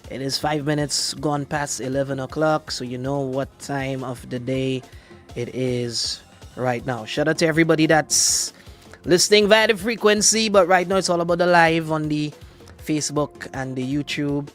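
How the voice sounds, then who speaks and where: A man hosting a morning radio show, bantering in a playful, animated way. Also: fairly high pitch, normal speed, faint music behind. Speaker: radio DJ and host.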